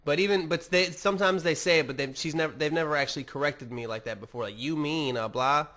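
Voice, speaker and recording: A man's voice: a little high, quick pace, fairly bright tone. Rambling, cursing man on a podcast. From United States. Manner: rambling, swears a lot, self-mocking. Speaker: podcast host. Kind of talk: casual profane monologue.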